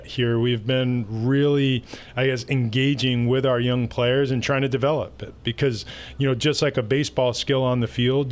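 A man, a baseball team executive, answering interview questions in a relaxed, anecdotal way. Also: medium pitch.

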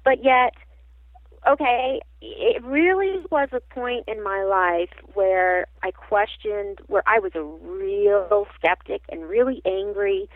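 A woman guest who works as a psychic medium tells a personal story in an animated, halting way, often restarting her sentences. She speaks at a mid pitch for a woman. Her voice comes through a thin, tinny phone line with a dry sound. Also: dry recording.

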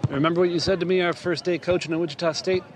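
An actor playing a terse deadpan assistant coach. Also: male voice, sits high, rapid-fire, noisy background, lightly acted.

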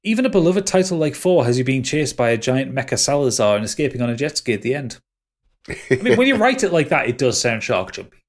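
A man's voice: mid-range voice, big pitch swings, quick pace. A man with an ordinary mid-range voice co-hosts a casual gaming podcast. He riffs wryly and piles on playful exaggeration. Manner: wry, exaggerated delivery. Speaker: podcast co-host. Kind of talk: casual chat.

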